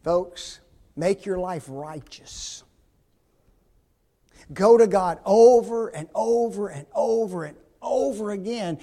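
A man pastor preaching a sermon in church, with emphatic delivery, rhetorical questions and big swings between loud and soft. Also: sits high.

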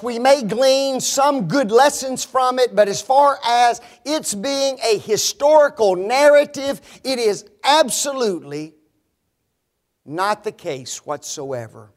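Preaching slowly in a very high voice, a man hits each word with force and keeps posing rhetorical questions to his listeners. He echoes the phrases he's arguing against with open scorn.

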